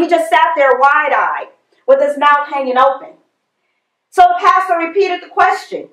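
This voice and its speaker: A woman's voice: very high-pitched, reverberant, poor audio. A woman preaching a sermon, repeating her phrases for emphasis as she leads a prayer and tells a story.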